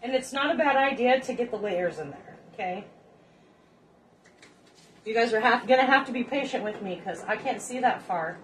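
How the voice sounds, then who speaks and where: A woman with a highish, expressive voice hosts a casual cooking demo at home, speaking at a moderate pace and pausing often. She's chatty and rambling, with joking asides to the audience. The distant mic catches faint background noise.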